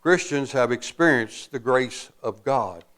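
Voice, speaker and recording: A man preaching a sermon as pastor, slow and emphatic, pausing often and adding folksy asides. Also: medium pitch, lively intonation, a bit bright.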